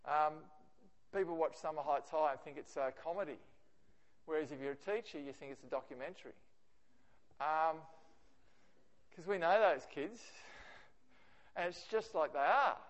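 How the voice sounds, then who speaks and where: A man with an Australian accent giving a lively, conversational presentation to teachers. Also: on the high side, normal speed, long pauses. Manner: animated, acts out quoted remarks. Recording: reverberant hall.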